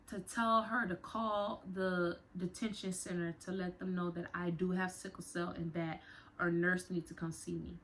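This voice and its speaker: Young adult woman, slightly low voice; vlogger retelling a hard personal story, conversational and emotional, talks straight to her viewers. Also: flat delivery, moderate pace, a bit bright, slight background noise. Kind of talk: storytime vlog.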